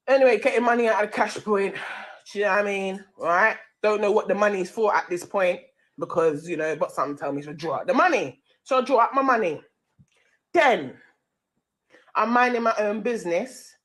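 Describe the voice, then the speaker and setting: A woman's voice: mid-range voice, animated, a little fast. A woman with a London accent, hosting a live-stream radio show, telling a heated story full of slang and swearing.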